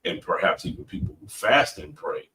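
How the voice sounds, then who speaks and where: A man co-hosting a podcast, talking through scripture in a relaxed, reflective way and laughing easily. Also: sits low, moderate pace. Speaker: podcast co-host. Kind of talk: casual faith-based discussion. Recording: distant mic with faint room noise.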